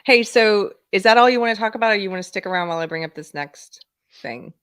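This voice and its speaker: A woman's voice: mid-range voice, fast, a bit bright, clear, resonant tone, dry recording, clean studio sound. A middle-aged woman hosting a live-stream talk show, chatty, with sly asides and frequent laughter. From United States. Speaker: host.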